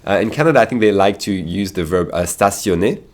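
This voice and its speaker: Chatty French man teaching, lowish voice. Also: lively intonation, a little fast. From France. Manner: chatty, explaining with many fillers and asides. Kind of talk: casual video lesson.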